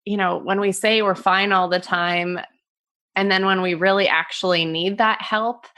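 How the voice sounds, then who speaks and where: A woman's voice: mid-range voice, steady tone, moderate pace, bright, forceful tone. A woman hosting a podcast in a casual chat, affirming her guest with frequent mm-hmms. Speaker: podcast host.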